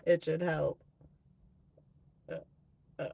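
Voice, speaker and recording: A woman hosting a live tarot stream, taking her time as she chats casually with viewers and reads out their comments. Her speech is slow and relaxed. She swears freely along the way. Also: on the low side, a little hiss or hum.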